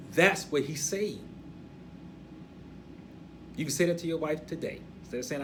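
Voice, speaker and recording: An older man with a gray beard teaching a Torah portion, emphatic and preachy, dropping to a hush and then rising loud. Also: medium pitch, moderate pace, pauses often, a little hiss or hum.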